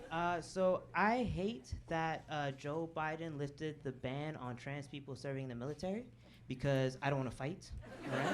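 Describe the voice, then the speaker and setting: A woman's voice: on the low side, heavy background noise. A comedian doing a stand-up set in a comedy club, chatting with the crowd and tossing in "okay?" and "right?" asides, often laughing at her own jokes. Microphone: handheld stage mic. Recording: club audience laughing in background. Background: audience laughter.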